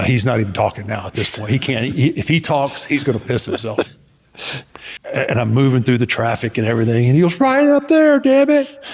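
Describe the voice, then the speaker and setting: Gravelly male storyteller with a loose, rambling delivery and a reverberant sound. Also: medium pitch. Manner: laughing, rambling with restarts. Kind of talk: casual anecdote.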